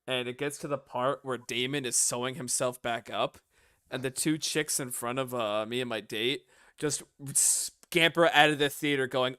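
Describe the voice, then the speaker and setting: A man's voice: mid-range voice, moderate pace, pushed and bright, smooth, no room sound, clean studio sound. A man co-hosting a podcast, chatting animatedly and laughing often. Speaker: podcast co-host. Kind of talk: casual chat.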